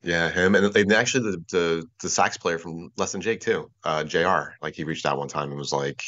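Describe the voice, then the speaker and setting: A man's voice: low-pitched, steady tone, a little fast, hardly any pauses, a bit bright. A man in his forties, chatting casually as a podcast guest over a video call, rambling with lots of filler words and swearing freely. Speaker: podcast guest, former bandmate. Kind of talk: casual reminiscing chat. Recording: dull lo-fi internet call audio.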